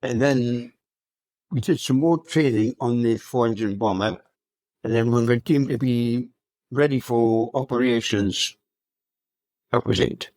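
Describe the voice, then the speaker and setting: A hundred-year-old man recounting his wartime memories as an interview guest, speaking in a halting, unhurried way with many fillers. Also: mid-range voice, a little mellow, dry recording. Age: 100. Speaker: RAF veteran guest.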